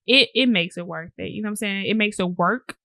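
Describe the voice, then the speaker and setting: Woman, 30s, podcast guest: quick, bright, dry close-mic sound, candid and slangy. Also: mid-range voice, gravelly, dry recording. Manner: candid, emphatic, with colloquial slang. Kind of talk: casual chat.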